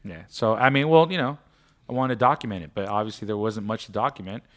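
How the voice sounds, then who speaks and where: Male DJ guest, bright, punchy voice, rambling and candid, casual swearing. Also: lowish voice, fast talker. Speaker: DJ guest telling a story. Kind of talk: casual podcast storytelling.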